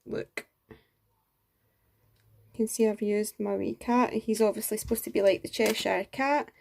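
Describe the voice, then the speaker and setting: A woman's voice: mid-range voice, steady tone, measured pace, creaky, darkish tone, a little hiss or hum. A woman in a casual show-and-tell craft review, gushing and enthusiastic, full of exclamations. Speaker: craft vlogger.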